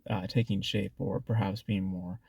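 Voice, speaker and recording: A man's voice: low voice, steady tone, normal speed, gravelly, darkish tone, husky, dry recording. A man with a congested voice hosting a casual film review, rambling with many fillers and restarts.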